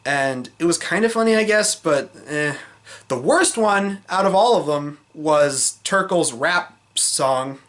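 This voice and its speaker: A man talking through a film in a loose, off-the-cuff review vlog. His voice sits a bit high, and he hedges and restarts as he goes, blunt and fed up with the weak parts. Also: lively intonation, slow pace, fairly bright tone. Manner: rambling, with many fillers and restarts; frank, exasperated criticism.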